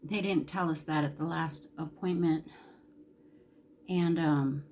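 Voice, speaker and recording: A woman with a slightly low voice chats candidly to camera during a makeup tutorial, fighting back tears now and then. A faint hum of room ambience sits behind her. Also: fairly even intonation, slow pace, a little mellow. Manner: candid, emotional, chatty with Southern-style "y'all". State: close to tears. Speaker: beauty vlogger. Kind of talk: casual makeup tutorial chat.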